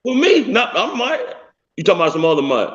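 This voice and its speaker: A man's voice: high voice, very animated, fast talker, fairly bright tone, highs cut off. A male caller ranting bluntly and at length on a call-in show. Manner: blunt, rambling, insistent. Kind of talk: heated call-in rant.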